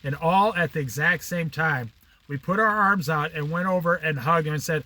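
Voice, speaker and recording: A middle-aged male vlogger with a fairly high voice tells a casual story at a moderate pace, with no echo. He's animated, raising his voice to act out the people in it, and laughs at his own tales.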